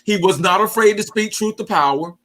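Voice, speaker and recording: A man speaking as an invited poet, effusive and excitable, his voice breaking with emotion as he pays tribute on a video call. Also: high-pitched, fairly quick, background noise. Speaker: guest poet.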